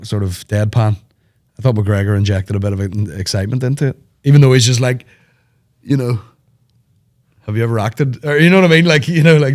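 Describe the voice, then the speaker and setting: A man hosting a podcast, rambling in animated, sweary banter. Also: medium pitch. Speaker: podcast host. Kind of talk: casual chat.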